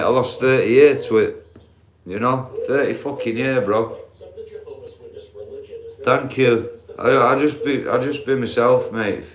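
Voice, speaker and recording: A middle-aged man with a Yorkshire accent chatting live to viewers from a dark bedroom while lying down, talking in a blunt, sweary, earnest way. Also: medium pitch, echoey room. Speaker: livestreamer. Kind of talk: casual live chat reading viewer comments.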